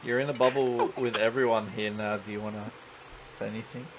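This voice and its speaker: A man's voice: fairly low pitch, steady tone, a little fast, crowd noise, rough recording. A man acting as game master for a tabletop game, explaining the rules in a loose, hesitant way. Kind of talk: running a tabletop game online.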